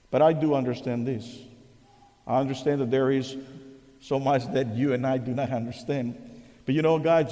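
Preacher with a dark voice in a big hall. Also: male voice, a little high. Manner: earnest, drops to hushed voice for emphasis. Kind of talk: sermon with storytelling. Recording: long reverb of a large hall.

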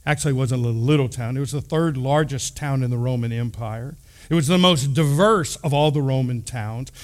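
A middle-aged man from Texas, a pastor telling stories in an animated, conversational sermon with lively asides. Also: fairly high pitch. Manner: animated, acts out quoted voices, conversational asides. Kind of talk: storytelling sermon.

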